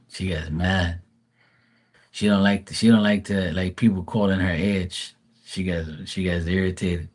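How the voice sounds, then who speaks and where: Man, forties, fairly low voice, casual live-stream chat, tarot reader, rambling, swears a lot. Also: steady tone, a little slow, darkish tone. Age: 40s. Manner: rambling, profane, laid-back storytelling.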